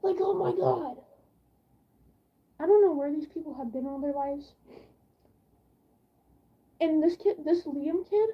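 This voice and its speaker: A woman's voice: high voice, a little slow, pauses often, dull audio. A teenage girl telling a rambling story from school in a casual live-stream chat, full of fillers. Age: teens.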